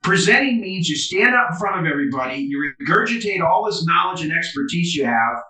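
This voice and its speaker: A man's voice: on the high side, sing-song, fairly quick, pushed and bright. A man being interviewed as a business coach over a video call, talking emphatically and animatedly. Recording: roomy, distant video call audio.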